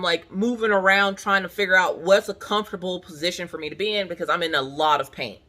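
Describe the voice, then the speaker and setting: With a quick pace and a voice on the low side, this thirtysomething crafting channel host chats with viewers from home, telling an animated story full of "like" and playing out how she reacted.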